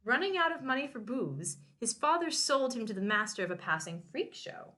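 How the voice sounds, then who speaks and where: Bright-voiced woman reading aloud. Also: on the high side, moderate pace. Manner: animated, laughs often. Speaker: podcast co-host. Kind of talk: reading a novel aloud with banter.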